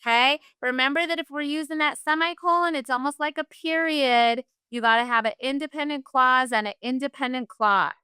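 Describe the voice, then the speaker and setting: Upbeat woman teacher, bright voice. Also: high voice, a little fast, hardly any pauses, no room sound, studio quality. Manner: upbeat, encouraging, uses "y'all". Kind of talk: virtual class lesson.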